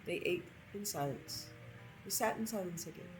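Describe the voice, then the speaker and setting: A woman narrating a story over gameplay in an expressive reading voice. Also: lowish voice, normal speed, over music, low-quality recording.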